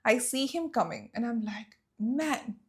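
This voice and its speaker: A woman's voice: fairly high pitch, moderate pace. A young woman from Saudi Arabia telling a personal story in a storytime vlog, emotional and emphatic. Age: young adult.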